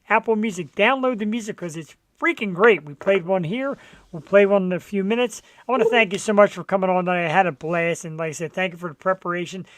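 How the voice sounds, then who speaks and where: A man hosting a casual talk show, joking and chatting in a loud, laid-back way. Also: high voice, no room sound. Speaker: host.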